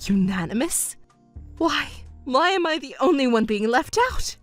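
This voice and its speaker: A woman's voice: very animated, measured pace, a bit bright, faint music behind, heavily acted. A woman voicing a selfish, whiny middle-aged stepmother who pleads and complains in a texting story. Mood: indignant. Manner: shrill, pleading and self-pitying.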